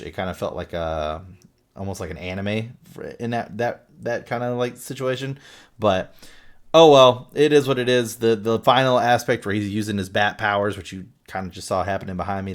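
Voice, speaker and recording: A man with a fairly low voice talks through a movie review in a loose, unscripted way. He rambles, swears casually and leans on fillers as he goes. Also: steady tone, fairly quick. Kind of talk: casual spoken film review.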